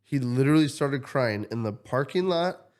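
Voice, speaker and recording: A man's voice: medium pitch, normal speed. Midwest guy on a podcast telling a story, cussing, doing everyone's voices. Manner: animated, swears freely, acts out quotes. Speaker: podcast co-host. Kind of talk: casual storytelling chat.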